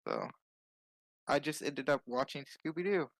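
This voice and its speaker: A man in casual chat with friends, teasing and quick to poke holes in stories. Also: on the high side, vocal fry, fairly bright tone, no room sound. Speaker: co-host.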